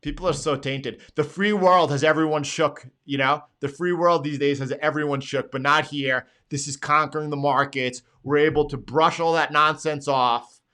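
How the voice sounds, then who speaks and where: A man hosts a live trading show, going over charts one by one. His voice is bright and a little tense, and he leans hard on his points and says them again and again. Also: fairly high pitch, steady tone, moderate pace. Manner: emphatic, pleading, repeats phrases. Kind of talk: live market analysis.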